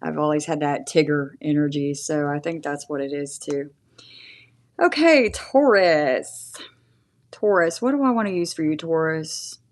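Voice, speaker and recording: A woman's voice: low-pitched, moderate pace, few pauses, a little mellow. A woman in her forties chatting casually through a live tarot reading, often laughing and thanking viewers. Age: 40s. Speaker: tarot reader.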